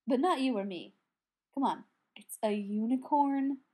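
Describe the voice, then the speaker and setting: Woman voicing a weary young dryad man, glum and slow, husky tone. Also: on the high side, darkish tone. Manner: dull, mournful. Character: languid sighing young male dryad.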